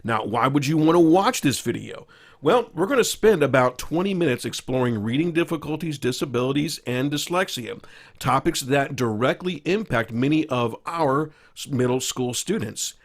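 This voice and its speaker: Teacher presenting a staff training: measured, explanatory male voice, mid-range pitch. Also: animated. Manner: measured, explanatory, with occasional fillers. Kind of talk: recorded slideshow lecture.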